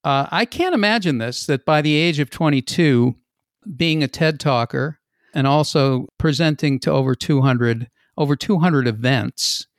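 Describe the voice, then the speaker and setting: A man's voice: on the high side, animated, moderate pace, dry recording, studio quality. An older man hosting a talk show, chatting casually and joking between rambling restarts. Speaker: host. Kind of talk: casual interview chat.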